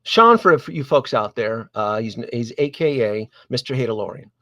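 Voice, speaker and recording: A man's voice: medium pitch, moderate pace, no room sound, highs cut off. Man, stream host, rambling casual storytelling, dry close sound. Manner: animated, digressive, many restarts and asides to viewers. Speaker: host of a collectibles live stream.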